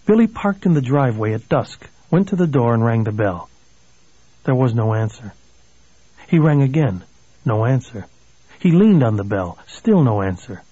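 Male audiobook narrator, husky, measured, dry muffled recording. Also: mid-range voice, dry recording. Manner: measured, steady storytelling. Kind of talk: audiobook reading.

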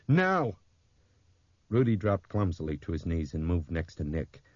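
A man narrating an audiobook in a measured, even storytelling manner. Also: rumbling low, slightly rough, no echo, dull audio.

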